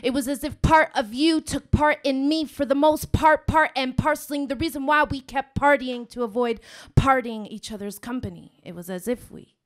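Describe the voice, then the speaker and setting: A woman's voice: high-pitched, normal speed. A woman performing a spoken word poem on stage, with a rolling, rhythmic delivery full of wordplay. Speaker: slam poet.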